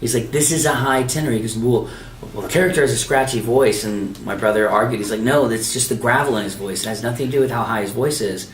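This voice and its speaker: A male voice actor telling lively anecdotes in an interview, acting out the voices of people he quotes. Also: medium pitch, fast, echoey room, distant mic, a little hiss or hum. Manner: animated anecdote teller, acts out quoted dialogue. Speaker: voice actor guest. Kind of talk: storytelling interview. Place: anime convention.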